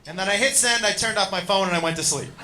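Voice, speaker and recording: A man's voice: sits high, fast. A man telling a profane, brash story on stage as a stand-up comedian, with punchy delivery over a noisy live recording.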